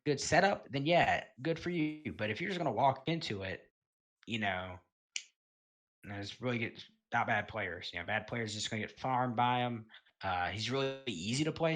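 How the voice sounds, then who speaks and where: A man giving casual, rambling commentary on a gaming tier list, full of fillers and self-corrections and the odd swear word. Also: mid-range voice. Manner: relaxed, offhand, occasional swearing.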